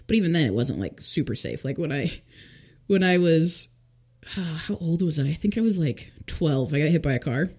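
A woman's voice: low-pitched, expressive, moderate pace, dark tone, breathy edge. Chatty young woman telling her story. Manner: chatty, full of fillers, acts out quotes. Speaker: podcast guest. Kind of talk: casual testimony interview.

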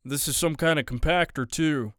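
A gruff, impatient henchman, voiced by a male narrator, a touch lower than the storyteller's own voice. He talks bluntly and grumbles, fed up with the search. The sound is smooth and dry, close to the mic. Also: moderate pace, no room sound, close to an everyday voice. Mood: grumbling. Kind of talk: audiobook character voice.

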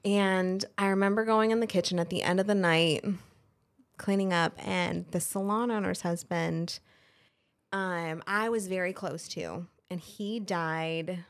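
A woman in her thirties who owns a salon and styles hair talks frankly on a casual podcast, chatty, heavy on "like" fillers, acting out conversations she remembers. She speaks a little slowly in a fairly low voice with fairly even intonation.

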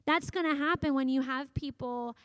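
A woman in her thirties delivers a sermon in a high, light voice, talking as casually as if chatting with friends and acting out little quoted exchanges. The sound is close and dry, with no room echo. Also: normal speed. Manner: conversational, animated storytelling with acted-out quotes. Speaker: pastor.

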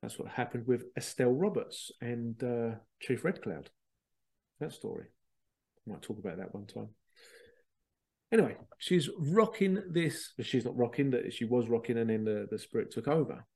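Mellow-voiced man telling a rambling story. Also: medium pitch, normal speed, creaky, breathy edge. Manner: excitable, rambling, repeats himself, swears casually. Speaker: spiritual medium and podcast host. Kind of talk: casual storytelling monologue.

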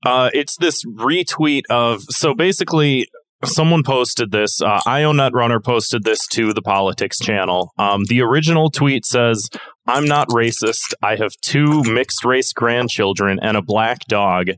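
A man with a mid-range voice co-hosts a relaxed podcast. He tells stories with quoted lines and the odd swear word. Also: mid-range voice, a little slow, no room sound. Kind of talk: casual chat.

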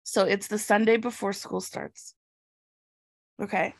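A middle-aged woman, a guest in an interview, telling a personal story in an animated, chatty way and tagging lines with "okay?". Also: medium pitch, a little slow, no room sound. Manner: animated, chatty, acts out quotes, frequent "like" and "okay?". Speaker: guest, inclusive education researcher. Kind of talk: casual storytelling in a conversation.

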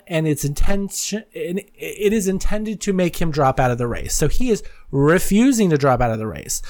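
A podcast host giving a solo rundown of news stories in a gossipy, excitable, profane way, full of quick asides. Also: medium pitch.

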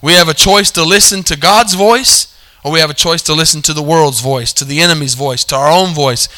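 A man's voice: a little high, fairly quick, pushed and bright. A man preaching a sermon, calling for amens, repeating his points and correcting himself mid-sentence. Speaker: pastor.

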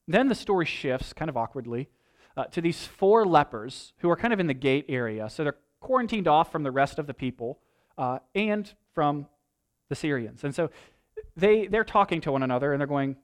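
A man preaching a sermon, retelling a scripture story in an animated, storytelling way, building to emphatic peaks. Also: fairly high pitch, brisk. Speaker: pastor.

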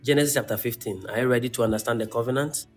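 A man's voice: mid-range voice, racing, soft background music. A man preaching a sermon, reading scripture aloud and checking in with his listeners. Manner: animated.

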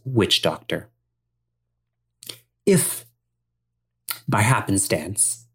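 A man voicing a scheming male pirate captain in a tabletop game, with a husky, drawling manner. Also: low-pitched, full character voice.

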